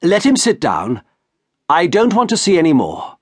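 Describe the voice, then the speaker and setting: A man reading an audiobook, voicing a reserved, courteous gentleman who is ill at ease. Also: a little high, huge pitch swings, moderate pace, slightly rough, dry recording, clean studio sound, voice pushed up, exaggerated voice. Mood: uneasy, polite. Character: polite, uneasy gentleman visitor, male. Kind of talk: audiobook character voice.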